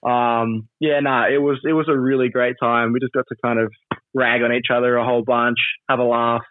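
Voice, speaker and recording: A chatty man talks in a loose, rambling way, laughing often and leaning on fillers. His voice comes over a thin, tinny phone-like line with no room sound at all. He sits at a middle pitch for a man. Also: little pitch movement, a little fast, dry recording. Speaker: wrestler and trainer, interview guest. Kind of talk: casual interview over a call.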